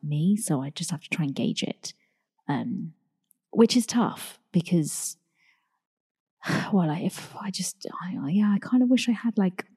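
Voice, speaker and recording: A young woman chats through her solo podcast in a confiding, friendly way, calling listeners darlings. Her voice sits low and mellow with a slightly husky edge. The recording carries a long reverb tail. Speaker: podcast host. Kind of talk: casual solo podcast chat.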